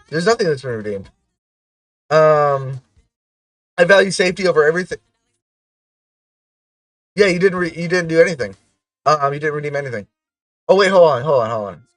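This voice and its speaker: A man's voice: medium pitch, dry recording, distant mic. A man chatting casually on his livestream, rambling to his chat with lots of fillers.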